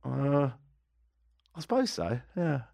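A man from England hosting a talk radio show, chatty and wry with a lively, animated delivery. The studio sound is dry and close. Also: medium pitch, takes it slowly, creaky, no echo. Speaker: radio host. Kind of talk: comedic talk radio banter. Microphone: studio microphone.

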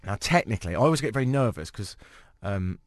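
This is a British man hosting a casual radio chat, wry and self-mocking as he tells a long story. His voice swings lively in pitch. The sound is dry and close. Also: fast, no echo. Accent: British English. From Britain. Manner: wry, self-mocking anecdotes with acted-out quotes. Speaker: radio show host.

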